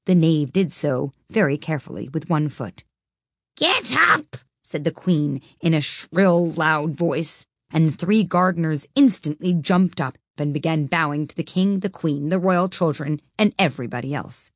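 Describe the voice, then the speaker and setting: Low-voiced woman reading a storybook aloud. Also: normal speed, hardly any pauses, no room sound, studio quality. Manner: expressive, lively reading.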